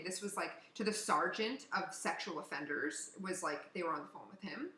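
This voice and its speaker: A woman co-hosting a casual podcast from Canada, telling a story in an animated way, swearing and acting out what people said. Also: fairly low pitch, moderate pace, a little hiss or hum. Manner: animated, swearing, acts out quotes. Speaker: podcast co-host. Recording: echoey room.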